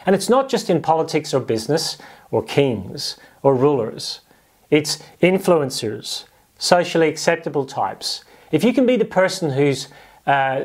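A man preaching a sermon, lively and animated, slipping into quoted voices to make his point. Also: on the high side. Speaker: pastor.

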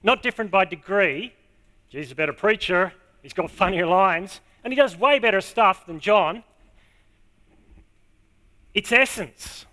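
Male preacher, high and bright, emphatic sermon delivery. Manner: emphatic, repeating key words slowly. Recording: long hall reverb.

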